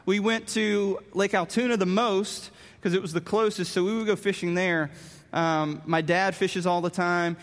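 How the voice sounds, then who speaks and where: High-voiced man preaching in a big hall. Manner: animated, self-mocking storytelling. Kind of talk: storytelling sermon. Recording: long reverb of a large hall.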